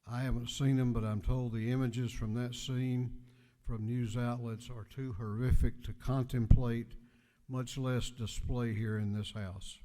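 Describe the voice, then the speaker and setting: In a reverberant state house chamber in the United States, a male speaker of the legislature presents a resolution in a formal floor speech. His mid-range, warm voice shows little pitch movement, and his oratory is measured and emphatic, with deliberate pauses.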